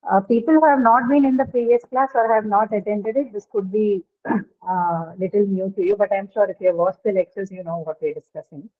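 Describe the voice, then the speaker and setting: A woman lecturer explains a topic step by step, regularly pausing to check understanding with a quick "right?". Her voice sits in a middling range and comes through thin and tinny, like a phone line. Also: mid-range voice, steady tone. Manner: explanatory, often ends points with "right?". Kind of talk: online lecture.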